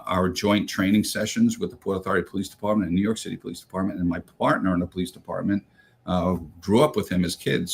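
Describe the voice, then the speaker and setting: A man's voice: sits low, vocal fry, a little mellow, breathy edge. A retired rescue officer, a man, telling a first-hand story with many fillers and restarts, acting out what others said. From United States.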